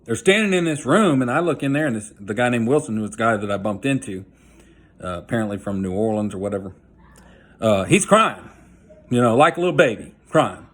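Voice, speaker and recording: A man's voice: mid-range voice, expressive, brisk. A man telling a personal story in a blunt, folksy way, using slang and frequent "you know" asides. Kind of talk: casual storytelling monologue.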